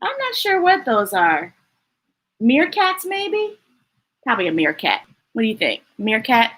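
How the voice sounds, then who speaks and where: A woman's voice: a little high, huge pitch swings, measured pace, a bit bright, slightly rough. A woman reading picture books aloud to young children, laughing often and chatting with her listeners between pages. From United States. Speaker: children's storytime reader.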